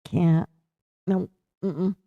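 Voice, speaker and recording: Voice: mid-range voice, steady tone, very slow, dry recording, narrow, tinny audio. A livestream host in casual political chat, tired and yawning, talking loosely and answering viewer comments aloud.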